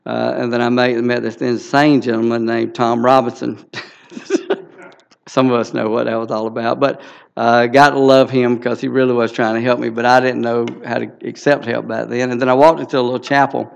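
A man's voice: medium pitch, level tone, normal speed, creaky, highs cut off. A man in his sixties with a Southern US accent, telling a folksy church testimony with many fillers. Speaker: guest speaker.

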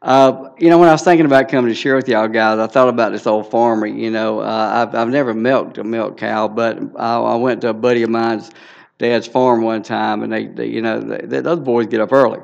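A man's voice: mid-range voice, fairly even intonation, brisk, creaky, highs cut off. A man in his sixties with a Southern US accent, telling a folksy church testimony with many fillers. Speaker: guest speaker.

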